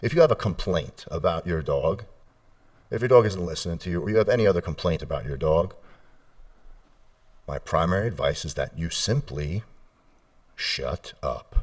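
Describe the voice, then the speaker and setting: Male dog trainer guest, low voice, very animated delivery, slightly distant from the mic. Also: fairly quick. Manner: animated, acts out owners and dogs in high mock voices. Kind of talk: casual podcast interview.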